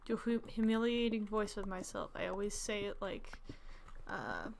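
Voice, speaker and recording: Chatting casually on her game stream, a young woman rambles and giggles, leaning on fillers. She calls her voice alto; it's mid-range, gravelly and expressive at a normal speed. Slight background noise runs underneath.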